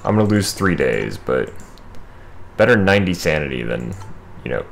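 A man's voice: rumbling low, big pitch swings, normal speed, vocal fry, slight background noise. A man hosting a gaming video, talking through his game in a casual, wry running commentary.

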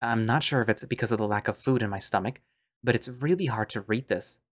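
A man's voice: mid-range voice, a little fast. A man narrating an audio drama in first person, musing and understated.

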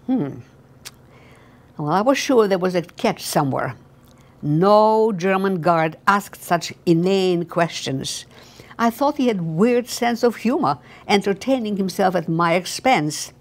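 An elderly woman in her eighties reading her own memoir aloud, slow and halting, with frequent restarts. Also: mid-range voice, lively intonation, darkish tone. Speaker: memoir author.

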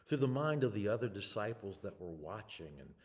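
An older man preaching a sermon in a slow, dramatic way, with long pauses and swings between loud and hushed. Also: on the low side, very animated, in a large hall. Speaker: pastor. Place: church sanctuary.

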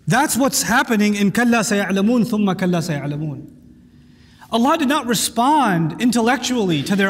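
A man's voice: very high-pitched, long reverb tail. A man teaching a lecture on the Quran, speaking emphatically and reciting Arabic verses.

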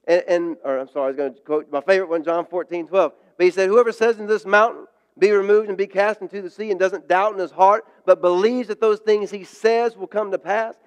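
A man's voice: high-pitched, clean tone. A man preaching a sermon to a congregation, conversational and emphatic, repeating key phrases. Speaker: pastor.

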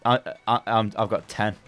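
A man bantering over a video game, boastful, sweary and quick to laugh. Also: fairly low pitch, steady tone. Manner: boisterous, sweary, giggly mock-pompous bragging. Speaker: gamer playing with a friend. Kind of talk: casual gaming banter.

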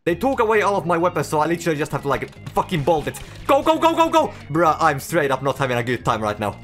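A man giving gameplay commentary. He swears a lot, gets excited fast and yells when things go wrong. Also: on the high side, soft background music. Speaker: gaming YouTuber.

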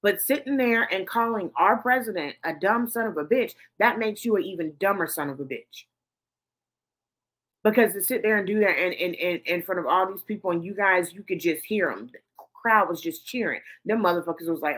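A woman's voice: mid-range voice, lively intonation, brisk, fairly bright tone, husky. Profane, fired-up woman host. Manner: profane, heated and emphatic. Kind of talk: ranting news commentary show.

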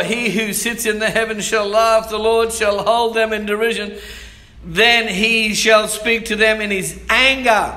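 A man's voice: high-pitched, sharp tone. A man preaching a sermon as pastor, reading scripture aloud and calling for amens. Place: church hall. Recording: echoey church hall.

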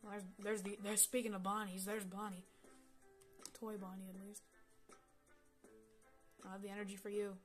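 Woman, casual gameplay commentary, excitable and foul-mouthed, chats at the on-screen characters; faint game music underneath. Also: medium pitch, moderate pace, long pauses. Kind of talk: casual let's-play commentary.

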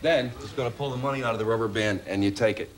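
A man's voice: medium pitch, racing. A man appearing as a talk show guest, coaching his dog and directing the host through a trick. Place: television studio stage. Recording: TV studio with audience noise.

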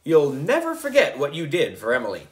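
Man reading a kids' book aloud, animated. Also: a little high, fairly quick. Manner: lively, animated character reading. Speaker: reader. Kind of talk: reading a children's novel aloud.

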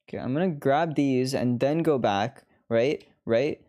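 A woman's voice: a bass voice, measured pace, few pauses, warm tone. A woman streamer chatting through live gameplay commentary, laughing often and swearing freely.

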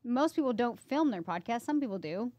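A woman in her thirties co-hosts a podcast, telling personal stories in a chatty, emotional, filler-heavy way. Her voice is a little high, expressive and darkish in tone, delivered briskly in a dry recording.

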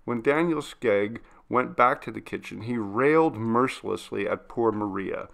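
A male narrator reads a classic ghost story in a steady, measured way. His voice sits in a middle pitch with a noticeably gravelly texture. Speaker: audiobook reader.

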